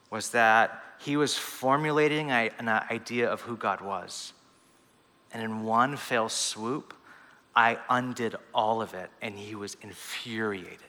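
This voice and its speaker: Preaching as a pastor, a man tells stories conversationally, full of fillers and restarts. His voice is medium in pitch, pushed and bright, captured with the long reverb of a church hall.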